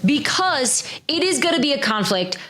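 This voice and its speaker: A middle-aged woman co-hosting a sports podcast, talking in an animated, chatty way full of fillers and restarts. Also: high voice, moderate pace. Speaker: podcast host, NFL insider. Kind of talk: casual chat.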